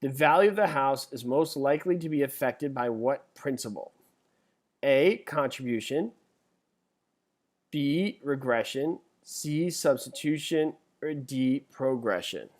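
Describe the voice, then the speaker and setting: A middle-aged man teaching a live webinar as an exam instructor, chatty and joking, reading multiple-choice questions out slowly. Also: medium pitch, expressive. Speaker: real estate exam instructor.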